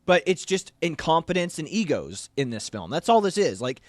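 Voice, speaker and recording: A man's voice: on the high side, sing-song, moderate pace, dry recording. A man co-hosting a casual movie review show, rambling, with many restarts and fillers. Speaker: podcast co-host.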